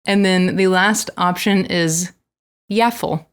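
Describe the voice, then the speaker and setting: Giggly Southern US woman hosting a quiz, lowish voice, casual podcast. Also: unhurried. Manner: giggly, playful, reading out quiz options. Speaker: podcast guest running a quiz game.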